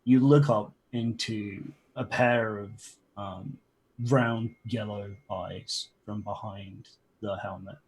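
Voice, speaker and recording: A man narrating as game master of a tabletop game, halting, with frequent ums and restarts. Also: on the low side, fairly even intonation, a little mellow, a little hiss or hum.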